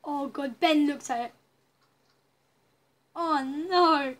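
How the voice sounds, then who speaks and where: A young woman chatting through a story game, reacting loudly and with dismay to what happens on screen. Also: high-pitched, slow. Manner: chatty and reactive, frequent loud dismayed outbursts. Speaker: gamer playing a story game. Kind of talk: let's play commentary.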